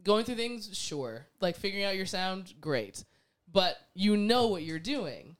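A woman talking in a casual chat, animated, acting out quoted voices and laughing often. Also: medium pitch, unhurried.

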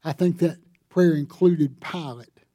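A pastor preaching a sermon, telling a story and building to emphatic appeals. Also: male voice, fairly high pitch, a little slow, warm tone, dry recording, studio quality.

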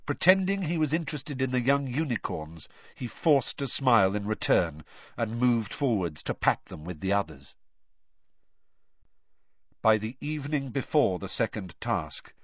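A man reading a novel aloud with expressive storytelling. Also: medium pitch, a little slow, dry recording, dull audio. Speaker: audiobook reader. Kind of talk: scripted narration.

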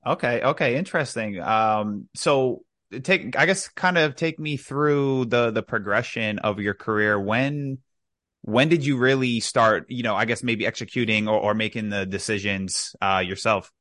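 A woman hosting a podcast interview, asking halting questions with frequent restarts. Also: a bass voice, fairly bright tone, dry recording, clean studio sound. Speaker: podcast host. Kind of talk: casual interview.

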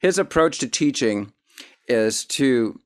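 A man hosting a casual interview, chatty and eager, with quick asides. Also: medium pitch, lively intonation, dry recording, clean studio sound. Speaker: interview host.

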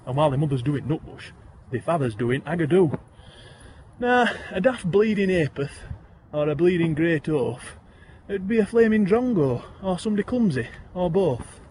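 A man with a broad Yorkshire accent recites rhyming verse in a lilting, sing-song rhythm, his voice sitting a bit high for a man. A faint hiss of ambient noise runs under the recording. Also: expressive, moderate pace, a little mellow. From Yorkshire, England. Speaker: guest poet. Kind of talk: reciting rhyming dialect poems.

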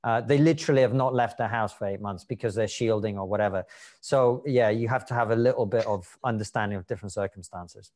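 Low-voiced, measured man. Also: darkish tone. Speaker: panelist. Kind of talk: casual group chat.

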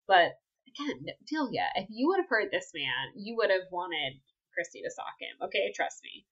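A woman, co-hosting a casual book-club podcast, gushing and excitable as she recaps chapters. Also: mid-range voice, moderate pace. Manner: excitable, gushing, breaks into laughter. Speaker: podcast co-host. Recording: slightly dull lo-fi audio.

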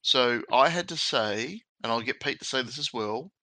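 A man's voice: medium pitch, animated, normal speed, pushed and bright, no echo, low-quality recording. Aussie guy hosting a podcast, punchy voice, super dry, easygoing. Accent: Australian. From Australia. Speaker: podcast host. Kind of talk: casual podcast chat.

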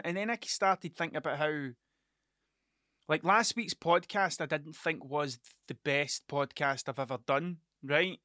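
Man, middle-aged, solo podcast host, rambling and sweary, bright forceful voice, dry close mic. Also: a little high, normal speed, no room sound. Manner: rambling, sweary, self-interrupting storytelling. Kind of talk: casual solo podcast monologue.

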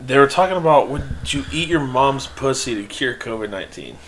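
A man's voice: mid-range voice, lively intonation, a little fast, noisy background. A young man hosting a crude podcast chat outdoors, joking and laughing. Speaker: podcast host. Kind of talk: crude casual banter. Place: outdoors in an alley.

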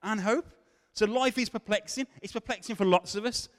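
A man preaching to a congregation, his voice sitting a little high for a man. He swings from loud, rising questions down to near-whispers. The sound rings with the long reverb of a large hall. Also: normal speed. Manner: dramatic, swinging from loud questions to hushed tones. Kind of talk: sermon.

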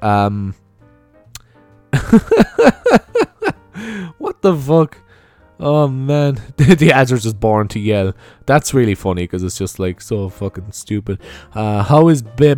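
A man's voice: mid-range voice, darkish tone. A young man hosting a video, reading online questions aloud and commenting on them in a rambling, sweary, giggly way. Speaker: video host.

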